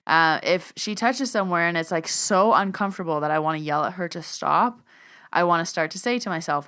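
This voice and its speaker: Young woman host, deep and smooth, relaxed solo musing. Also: a little fast. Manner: casual, reflective, repeats questions. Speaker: podcast host, energy worker. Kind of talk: solo podcast talk.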